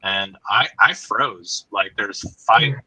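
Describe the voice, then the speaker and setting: Man, storyteller, halting, filler-heavy, quiet asides, deeper voice, dry close sound. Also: breathy edge, no echo, low-quality recording. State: choked up. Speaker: guest telling an encounter story. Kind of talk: casual storytelling on a podcast.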